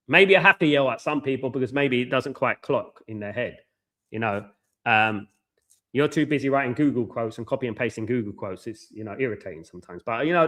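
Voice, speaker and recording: A man's voice: medium pitch, fairly bright tone. A man hosting a live football watchalong, ranting with passion and repeating himself. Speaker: watchalong host.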